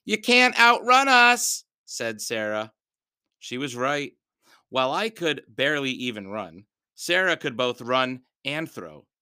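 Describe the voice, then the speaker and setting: A man reading a children's novel aloud as a measured storyteller. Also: mid-range voice, expressive, pushed and bright, smooth, no echo, studio quality. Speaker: audiobook reader.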